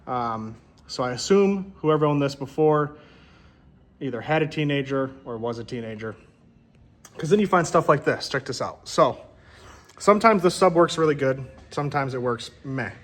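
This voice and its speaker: A man's voice: medium pitch, lively intonation, normal speed. A man chatting casually and upbeat as he explains car repairs in his workshop. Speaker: shop vlogger. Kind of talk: casual how-to vlog. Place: workshop garage.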